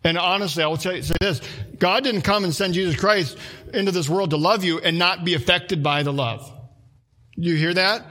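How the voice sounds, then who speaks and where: A pastor preaching a conversational sermon, telling a family story with acted-out quotes. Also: male voice, high voice, fairly bright tone.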